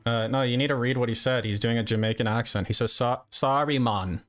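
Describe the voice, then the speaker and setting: Fast-talking, sarcastic man on a stream. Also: mid-range voice, level tone, a bit bright. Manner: sarcastic, profane teasing. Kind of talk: casual livestream banter.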